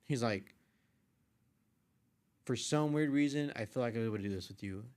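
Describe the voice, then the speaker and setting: Young man, podcast guest, casual storytelling, animated, swears, middle-pitched voice. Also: normal speed, clear, resonant tone. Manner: animated retelling, acts out quoted voices, swears freely. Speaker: podcast guest, artist and photographer.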